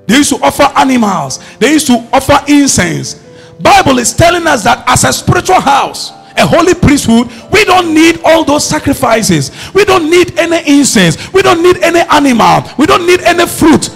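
High husky preacher guy, gravelly and lively, faint music under him. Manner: emphatic, rising to shouts, calls for congregation response. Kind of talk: sermon.

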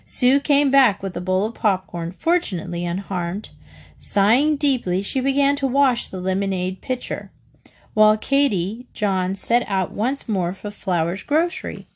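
A woman narrating a children's storybook in a gentle, measured reading voice. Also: medium pitch, lively intonation.

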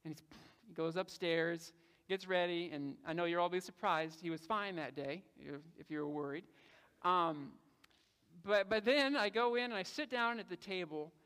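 A man's voice: sits high, normal speed, fairly bright tone, smooth. A man preaching a sermon as pastor, earnest and conversational, often repeating words as he goes. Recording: long hall reverb.

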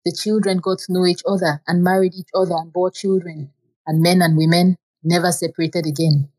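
A woman reading a folk tale aloud in a plain, steady storytelling manner. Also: lowish voice, brisk, breathy edge, poor audio. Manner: plain, steady storytelling with simple repeated phrasing.

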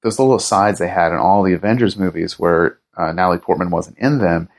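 A man's voice: deep voice, fairly quick, vocal fry. A man being interviewed as a writer and producer, chatting casually and enthusiastically, rambling with lots of fillers and restarts. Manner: enthusiastic fan talk.

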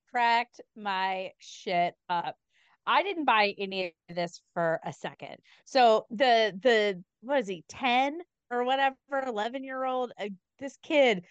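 A woman's voice: mid-range voice, animated, measured pace, clean tone, no room sound, muffled recording. A woman co-hosting a podcast, chatting casually with blunt, sarcastic opinions and heavy swearing. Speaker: podcast co-host. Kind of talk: casual chat.

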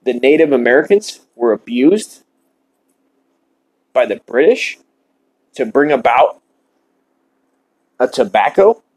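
Deadpan man ranting mock-earnestly. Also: medium pitch, slow pace, long pauses, husky, poor audio. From Ireland. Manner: smoking while talking. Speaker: podcast host. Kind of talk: shock-comedy monologue.

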